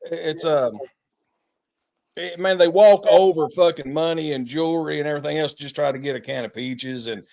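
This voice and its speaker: A man's voice: a little high, normal speed, gravelly, darkish tone. A man co-hosting a podcast in casual chat, rambling and profane as he tells stories. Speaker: podcast co-host.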